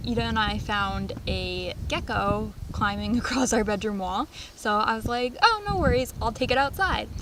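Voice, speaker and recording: A young woman vlogging outdoors on a farm, casually telling funny stories with lots of laughs and excited squeals. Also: mid-range voice, background noise. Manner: animated, laughing, squealing when retelling scares. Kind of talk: casual storytelling vlog.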